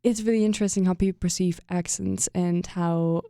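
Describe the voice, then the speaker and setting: A woman's voice: lowish voice, fairly quick, no room sound, clean studio sound. A young woman from Germany with a German accent, hosting a casual podcast chat and telling stories with frequent laughs. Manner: animated storyteller, laughs often, trails off mid-sentence. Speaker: podcast host.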